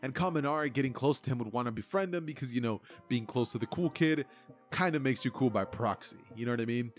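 A man's voice: medium pitch, quick pace, soft background music. A young man narrating a fan-made anime what-if story in a casual, rambling way.

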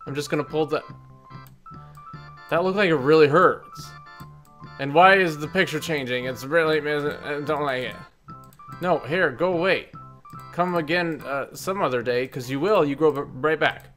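Excitable gamer guy, bright forceful voice, jokey let's play commentary, faint music behind. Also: on the high side, moderate pace, long pauses. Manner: excitable, jokey, loud outbursts. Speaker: gaming video host.

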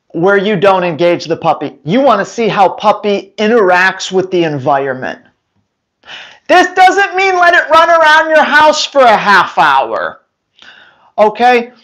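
A man hosting a casual live-stream Q&A as a dog trainer, joking and emphatic. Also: sits high. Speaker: dog trainer, show host.

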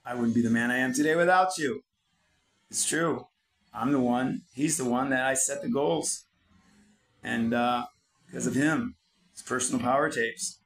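A foul-mouthed man lecturing in a preachy, blunt monologue, cursing nearly every line. His voice sits at an ordinary middle pitch, and his delivery drifts from hurried to drawn-out as he pauses to write things down. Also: a bit bright, low-quality recording. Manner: swears constantly, preachy and blunt. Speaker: channel host. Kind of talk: profane motivational monologue.

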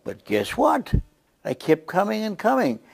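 A man with a South African accent telling a lively testimony story to a church, acting out the scenes as he goes. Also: sits high, measured pace, gravelly, slightly rough. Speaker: guest preacher.

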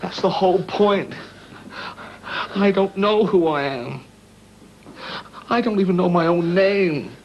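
A bewildered amnesiac. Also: male voice, sits high, slow, pauses often, lo-fi sound, a little hiss or hum. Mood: earnest. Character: confused amnesiac man, earnest and bewildered. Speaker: sitcom character. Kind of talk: 1980s TV sitcom acting.

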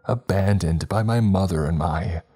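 A man voicing an unhinged adult son who talks with calm menace and a whimpering servility, over faint music. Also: low voice, unhurried, breathy edge. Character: unhinged adult son, male, psychopathic, servile to his father.

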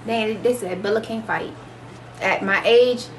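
A woman's voice: mid-range voice, measured pace, slight background noise. A woman hosting a casual livestream, talking to viewers in a brash, boastful, profane way. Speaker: livestream host.

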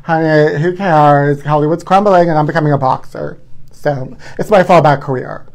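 A man's voice: a little high, normal speed, darkish tone. A man hosting a live stream, chatting in a campy, gossipy way and calling his viewers honey. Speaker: livestream host.

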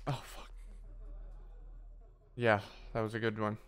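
A young man giving live gameplay commentary, loud, jokey and profane in his reactions. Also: lowish voice, monotone, slow pace. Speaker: streamer.

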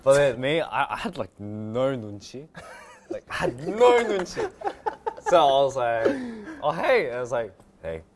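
A man's voice: medium pitch, huge pitch swings, measured pace, a loud crowd. A young man from Sydney with an Australian accent, chatting easily and giggling as an interview guest. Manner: easygoing, giggly. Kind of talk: casual interview chat.

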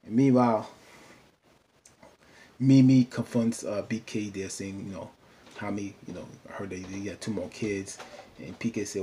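A man's voice: fairly low pitch, fairly even intonation, unhurried, pauses often, mellow, slight background noise. A man casually recapping a TV episode in a loose, rambling way, filling his talk with "you know.". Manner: chatty, loose, full of "you know" fillers.

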